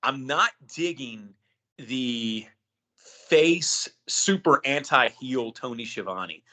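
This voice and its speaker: A man's voice: medium pitch, expressive, slow, sharp tone. A man co-hosting a wrestling podcast, talking casually and hesitantly, restarting phrases with um and you know. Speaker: podcast co-host.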